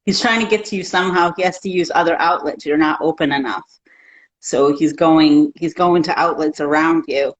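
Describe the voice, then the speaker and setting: A woman guest who works as a life coach, talking in a calm, reassuring, counseling way. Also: low voice, normal speed, rough recording. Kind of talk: casual chat.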